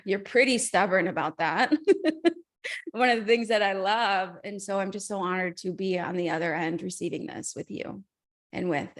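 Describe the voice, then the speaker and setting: Brief: woman life coach, warm encouraging speaker on a video call, earnest and heartfelt. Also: medium pitch. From Mexico. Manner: heartfelt, encouraging, with soft laughs. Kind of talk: motivational talk on a video call.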